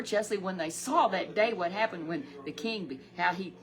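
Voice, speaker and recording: A woman's voice: mid-range voice, moderate pace, hardly any pauses, heavy background noise. A woman telling a Sunday Bible story to a companion, talking in a homely way that repeats and stumbles over words. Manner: repetitive, stumbling, homely exclamations.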